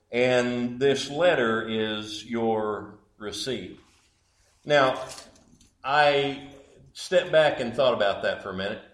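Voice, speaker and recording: A man preaching a sermon as pastor, slow and emphatic, with dramatic pauses. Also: medium pitch, reverberant, rough recording.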